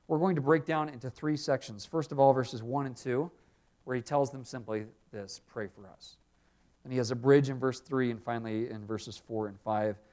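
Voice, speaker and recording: A male pastor preaching an earnest expository sermon, dropping quiet when voicing prayers. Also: mid-range voice.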